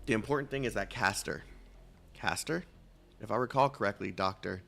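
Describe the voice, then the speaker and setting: A man's voice: on the low side, a little fast, vocal fry, pushed and bright, soft background music. A man streaming a game, chatting casually and reading dialogue aloud, rambling and self-mocking as he stumbles over names.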